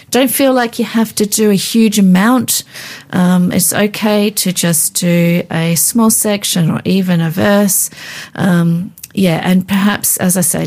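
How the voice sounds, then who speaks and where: A woman with a gravelly, somewhat low voice speaks in a calm, practical teaching tone. She walks a listener through devotional habits step by step. Her delivery sounds earnest and instructive, like a conversation. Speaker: co-host teaching Bible reading. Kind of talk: casual devotional teaching chat.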